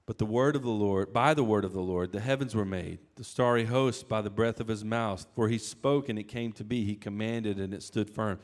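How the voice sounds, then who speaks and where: A man preaching a sermon in a conversational, animated way, acting out quoted lines. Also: on the low side, a little fast, hardly any pauses. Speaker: pastor.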